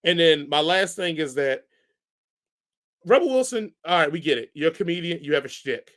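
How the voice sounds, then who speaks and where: Animated ranting man, high voice. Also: moderate pace. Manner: animated ranting, sudden jumps in pitch and volume. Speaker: podcast co-host reviewing movies. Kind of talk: casual podcast chat.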